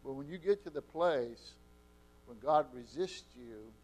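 A man preaching a sermon with impassioned delivery, his loudness swinging between soft and strong. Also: medium pitch, lively intonation, unhurried. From Eastern Oregon.

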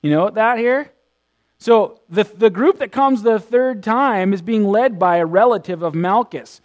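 Preacher, man, fairly high voice, animated sermon delivery, loud to hushed swings. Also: a little slow. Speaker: pastor.

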